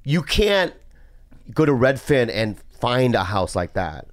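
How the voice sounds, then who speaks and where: A man's voice: mid-range voice, big pitch swings, slow pace, no echo, studio quality. A man hosting a podcast, chatting casually in a teasing, profane, jumpy way. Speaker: podcast host. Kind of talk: casual chat.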